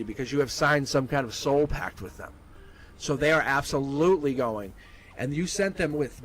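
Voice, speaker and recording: Blunt, animated male tarot reader. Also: mid-range voice, rough recording. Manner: blunt, animated, laughs often, acts out quoted lines. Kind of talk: live tarot reading stream.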